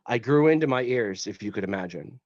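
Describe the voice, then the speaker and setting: A man's voice: medium pitch, lively intonation, fairly quick, no echo. A man from West Tennessee, a podcast guest, telling a story in a rambling, joking way and swearing casually. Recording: dull lo-fi podcast audio.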